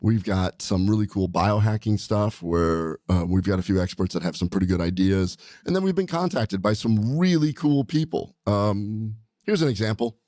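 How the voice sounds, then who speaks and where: A man's voice: fairly low pitch, animated, normal speed, hardly any pauses, a little mellow, dry recording, studio quality. A man hosting a casual podcast, talking upbeat and enthusiastic with a rambling flow. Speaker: podcast host, doctor. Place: studio.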